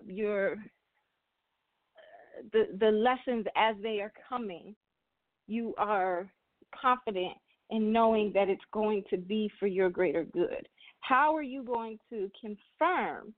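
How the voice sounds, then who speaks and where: A woman with a medium pitch speaks slowly as host of a spiritual talk, earnestly repeating herself and restarting phrases often. She's a spiritual reader, and her audio is tinny and phone-like, dry, with no echo.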